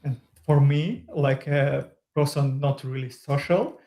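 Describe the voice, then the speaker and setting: A man with a non-native accent, a podcast guest speaking in casual chat, hesitant with many fillers and pauses. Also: mid-range voice, fairly even intonation, dark tone. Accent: Eastern European. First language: not English. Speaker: podcast guest, user group leader. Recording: echoey room.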